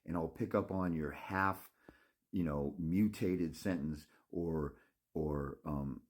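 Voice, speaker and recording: A man's voice: a bass voice, slow. A man ranting to his viewers in a blunt, scolding, profane monologue, rambling with restarts and mocking asides. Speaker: father's rights consultant.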